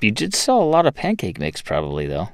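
A man's voice: on the low side, wildly swooping pitch, fairly quick, no room sound, clean studio sound. A man hosting an interview, asking curious, probing questions. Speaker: podcast host.

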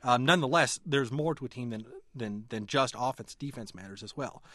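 A man's voice: mid-range voice, fairly quick, a bit bright, no echo. A man who writes about politics and sports, talking analytically as a radio interview guest and often restarting his sentences. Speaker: magazine editor and writer, guest.

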